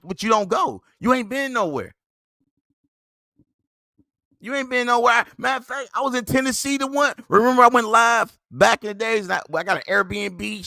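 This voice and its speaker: High, lively, mocking podcast host man. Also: vocal fry, dry recording. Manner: mocking, scolding, laughs at the other man. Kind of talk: heated commentary on a played clip.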